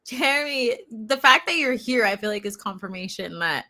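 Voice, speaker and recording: Woman host on a relaxed livestream, giggly and chatty, mid-range voice. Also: mid-range voice, fairly quick. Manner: chatty, giggly, reads chat comments aloud. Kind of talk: casual livestream chat, reading comments aloud. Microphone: eating while talking on a livestream.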